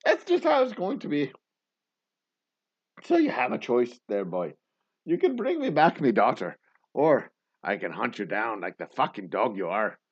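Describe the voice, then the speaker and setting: A man voicing a menacing Irish father who is hunting his daughter's kidnapper, in a deliberately bad Irish accent, with loud, growled threats. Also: medium pitch, wildly swooping pitch, slightly rough, highs cut off. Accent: put-on bad Irish accent.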